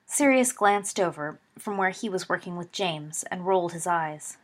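A woman narrating a story in a steady, even reading voice. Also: on the low side, moderate pace.

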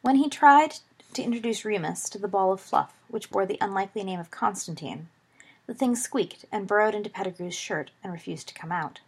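Calm female storyteller, slightly husky, reading a story aloud. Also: mid-range voice, fairly quick. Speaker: narrator. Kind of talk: audiobook reading of fan fiction.

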